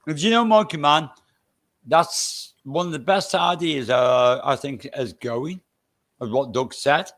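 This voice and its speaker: A man's voice: on the high side, a little slow, fairly bright tone. A man with a Stoke-on-Trent accent mixed with Irish touches, a guest chatting casually on a live stream, blunt and swearing freely. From England.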